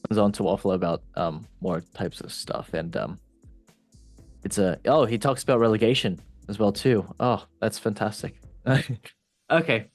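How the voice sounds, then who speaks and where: A man's voice: lowish voice, a little slow, soft background music. A man hosting a casual football podcast, reading news items aloud and cutting in with joking asides. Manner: jokey, loose, asides while reading. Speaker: podcast host.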